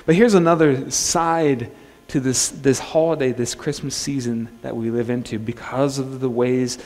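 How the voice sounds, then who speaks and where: A male pastor preaching a sermon in a relaxed, conversational way, joking and restarting his phrases. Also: medium pitch, moderate pace. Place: church sanctuary. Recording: long church-hall reverb.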